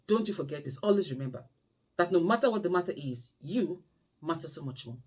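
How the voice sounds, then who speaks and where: A woman carer vlogger speaks to her audience in a husky voice. Her pitch swings widely as she tells cautionary stories, then pleads with them in an emphatic, preachy way. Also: expressive, brisk, a little mellow. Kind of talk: impassioned storytelling monologue.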